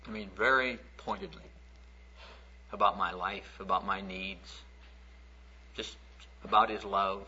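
A man's voice: deep voice, steady tone, measured pace, long pauses, bright, forceful tone, slightly rough. A man preaching a sermon through folksy, conversational storytelling, acting out the stories he tells. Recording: dull lo-fi recording.

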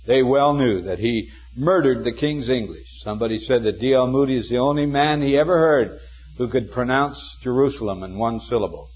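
Older male preacher, husky lo-fi sermon. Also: medium pitch. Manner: earnest storytelling, slows for scripture quotes. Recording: dull lo-fi sermon recording.

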